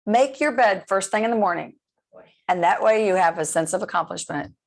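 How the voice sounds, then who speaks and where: A woman's voice: medium pitch, a little fast. A middle-aged woman radio host with a mid-range voice. She rambles in a friendly, casual way, trailing off and restarting as she goes. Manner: chatty, rambling.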